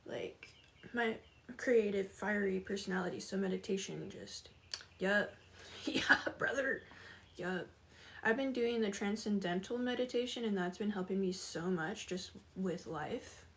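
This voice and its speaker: A woman's voice: medium pitch, a little slow. A woman chatting casually with viewers on a livestream, laughing often and greeting them by name.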